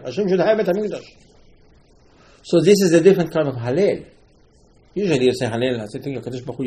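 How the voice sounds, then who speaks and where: A religious teacher with a medium-pitched, slightly mellow voice gives an informal talk over poor audio. He tells a story full of repetition, breaking into emphatic, rising outbursts.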